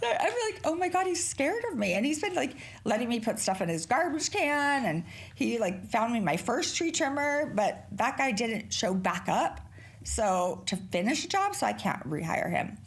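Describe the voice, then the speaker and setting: Speaking at a moderate pace, a middle-aged woman on her solo podcast chats in a casual, rambling, profane manner. Her voice is slightly high and sing-song.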